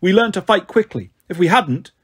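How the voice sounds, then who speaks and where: Man doing a cold, commanding warrior queen, slightly raised, husky, storybook read. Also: high-pitched, expressive, normal speed. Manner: icy, commanding. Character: proud exiled woman warrior queen, cold.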